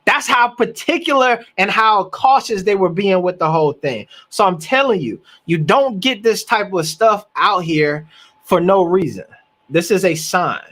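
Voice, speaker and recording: Male live-stream reaction host, high voice, emphatic, restarts often. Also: unhurried. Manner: animated, emphatic, repeats words while thinking.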